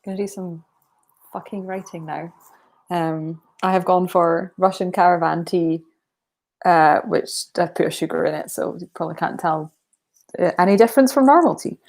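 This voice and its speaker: A woman with a soft Aberdeen Scottish accent and a slightly low voice. She chats loosely and quietly, rambling with plenty of ums and a casual swear now and then, like a streamer talking to her viewers. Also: moderate pace, vocal fry. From northern Scotland. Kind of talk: relaxed live-stream chat.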